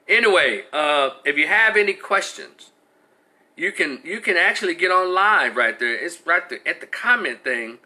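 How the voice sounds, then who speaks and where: A man hosts a live stream, ranting loosely and addressing his viewers and live chat directly in casual commentary. His bright, sharp voice sits a little high at normal speed, and he's animated, restarting his sentences often.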